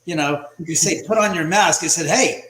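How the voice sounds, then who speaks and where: A man on a home video call, telling a ghost story in a casual, animated way and acting out the lines of the people in it. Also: a little high, fairly quick, echoey room, slight background noise, rough recording. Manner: storytelling, animated, acts out quotes. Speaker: guest, house owner and author. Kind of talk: casual livestream chat.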